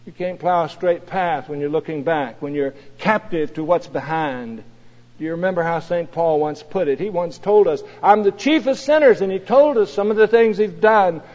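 A man with a high-pitched voice preaches, swelling louder on scripture and falling quiet and low for personal asides. His voice carries a long reverb, like a large hall, and the recording sounds dull and lo-fi. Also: moderate pace. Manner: rising to emphatic peaks on scripture, dropping low and soft for asides. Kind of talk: sermon.

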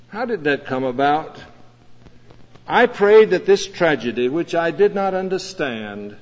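A man, a pastor, preaching a sermon in a measured, earnest way with dramatic pauses. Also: on the high side, animated. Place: church sanctuary. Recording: dull lo-fi recording in a reverberant church.

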